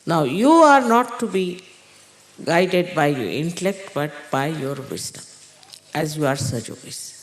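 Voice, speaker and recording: A woman spiritual teacher giving an unhurried, halting spiritual talk to followers, with pauses and fillers. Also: low voice, animated. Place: large indoor gathering hall. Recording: echoey hall recording.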